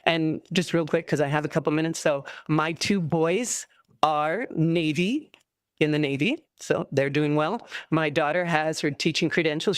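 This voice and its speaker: Frustrated veteran teacher, halting speech. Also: female voice, deep voice, no echo, studio quality. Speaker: special education teacher giving public comment. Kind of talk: public comment at a school board meeting. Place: public meeting room at a podium.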